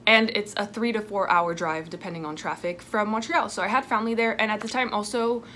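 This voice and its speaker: A woman in her twenties from France, talking casually in a sit-down vlog at home, chatty and lively with asides. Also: mid-range voice, a little fast. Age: 20s. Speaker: vlogger. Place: home indoors. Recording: faint dishwasher noise at home. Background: dishwasher noise.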